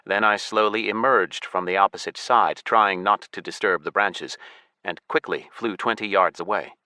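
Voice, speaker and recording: A man reads a first-person audiobook, his voice low-pitched with a bright, forward edge. He tells the story in a wry, matter-of-fact way, recorded dry and close in a studio. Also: fairly even intonation, normal speed, no room sound. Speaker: audiobook narrator. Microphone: close studio mic.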